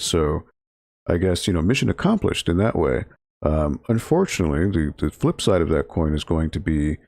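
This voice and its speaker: A man hosting a relaxed library game stream, talking to viewers in a low-energy, monotone way with frequent restarts. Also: no echo, clean studio sound. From Connecticut, US. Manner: restarts and filler words. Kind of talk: casual chat with stream viewers.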